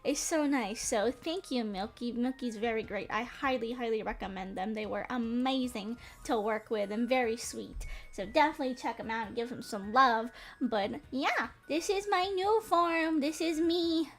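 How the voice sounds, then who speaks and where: A woman's voice: a little high, normal speed, hardly any pauses, soft background music. A young woman from North Carolina, a streamer chatting casually to her viewers in a bubbly, rambling way and often breaking into giggles.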